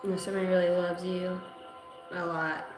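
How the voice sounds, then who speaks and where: A woman's voice: fairly low pitch, level tone, fairly quick. A woman in her thirties doing a casual livestream card reading, bantering playfully with viewers and swearing freely. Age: 30s. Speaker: tarot and oracle card reader. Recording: echoey room with faint background music.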